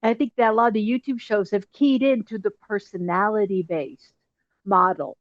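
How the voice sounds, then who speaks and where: Animated woman host on a dry, dull call line. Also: medium pitch, no echo. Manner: animated, quick bursts of enthusiasm. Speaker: journalist host. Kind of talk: casual interview chat.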